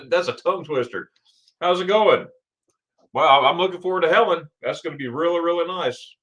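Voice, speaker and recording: A man's voice: on the high side, moderate pace, a bit bright. A middle-aged man from Florida hosting a casual livestream, chatting with viewers and reading their comments aloud, laughing often. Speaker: livestream host.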